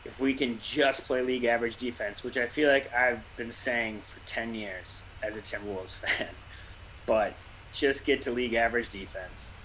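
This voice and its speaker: A man talking basketball like a longtime fan, opinionated and quick to rant, with a laugh here and there. His voice is bright and forward, with a faint hiss behind it. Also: mid-range voice, fairly even intonation, rough recording. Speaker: podcast co-host. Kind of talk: casual sports chat.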